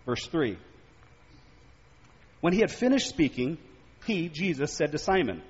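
A male preacher with a high, husky voice delivers a sermon full of stories and rhetorical questions. His pitch swings widely as he talks. The sound is dull and lo-fi, with a long echo as if from a large hall. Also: a little slow, long pauses. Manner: animated, rhetorical questions, storytelling.

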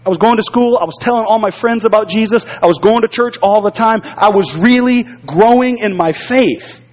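A man with a fairly high voice preaching from the pulpit, weaving a personal testimony into his sermon. He speaks earnestly and stumbles into repeated words when the memory hits hard. The sound is dull and lo-fi. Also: normal speed, a little mellow, big-room sound. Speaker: pastor.

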